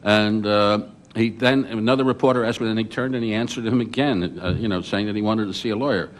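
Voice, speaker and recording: An older man on a journalists' panel, recounting his reporting memories as an animated storyteller who often restarts his sentences. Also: fairly low pitch, fairly quick. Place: conference hall.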